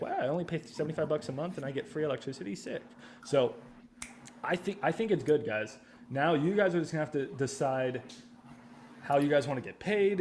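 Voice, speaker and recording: A man hosting a casual training livestream from a home studio, talking loosely with slang and quick restarts. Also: medium pitch, background noise. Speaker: host of a real estate training livestream. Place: backup home studio at his father's house.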